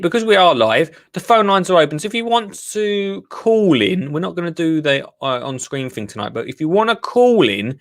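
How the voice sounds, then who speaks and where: A man hosting a live gardening show, chatting casually and rambling to his viewers. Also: on the high side. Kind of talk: casual live-stream chat.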